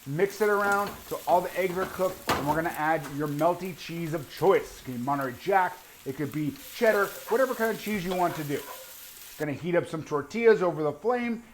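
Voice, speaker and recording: An upbeat man walks through a home cooking demonstration, his voice pitched a little high for a man. He sounds eager and chatty as he tastes and explains each step. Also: animated, brisk, noisy background. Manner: enthusiastic, talks while tasting and cooking. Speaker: cooking show host.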